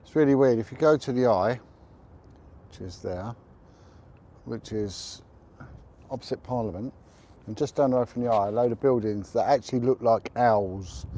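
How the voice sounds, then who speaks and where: A man's voice: fairly low pitch, moderate pace, long pauses, dark tone, a little hiss or hum. A middle-aged man hosting a casual livestream outdoors, talking in a chatty, rambling way with blunt opinions. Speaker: livestream host. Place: outdoors on a windy rooftop.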